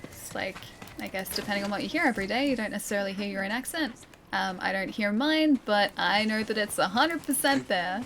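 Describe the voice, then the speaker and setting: A woman's voice: medium pitch, expressive, fairly quick, fairly bright tone, a little hiss or hum. A young woman streaming a game, chatting casually and giggling as she thinks aloud. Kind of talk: casual gameplay commentary.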